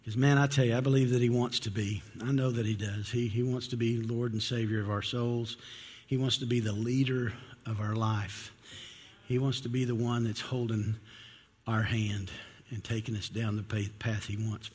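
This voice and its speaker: A man's voice: medium pitch, flat delivery, moderate pace, slightly rough. Earnest, emotional man preaching in a reverberant church. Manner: earnest, emotional, many restarts and "just". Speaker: pastor. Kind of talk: sermon with opening prayer. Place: church sanctuary.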